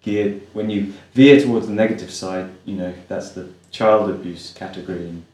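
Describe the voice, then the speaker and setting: Soft-spoken male host, deep voice, very roomy echo. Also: steady tone, moderate pace. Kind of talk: casual conversation. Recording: very echoey room.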